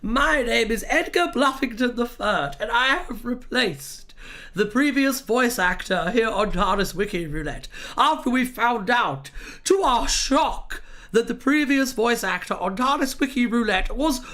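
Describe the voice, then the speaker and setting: A snooty posh toff, as a livestreamer puts him on, reading aloud in a comedic mock-serious way. The voice sits well above the speaker's usual pitch and stretches out certain words in a haughty, drawn-out manner. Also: lively intonation, fairly bright tone. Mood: snobbish. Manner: haughty, drawn-out snobbish delivery. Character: pompous posh upper-class gentleman voice actor.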